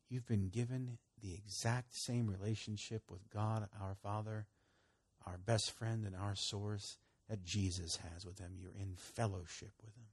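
Husky-voiced man preaching conversationally. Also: lively intonation, a little slow. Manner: conversational, swinging between loud emphasis and low murmurs. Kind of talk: sermon teaching.

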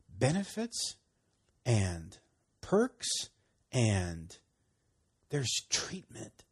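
A husky-voiced man delivers a casual sermon in a warm, storytelling manner. His pitch leaps up and down with lively emphasis, and he repeats key phrases for weight. The tone is conversational rather than formal. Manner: folksy, animated storytelling with laughs and emphatic repeats. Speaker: preacher.

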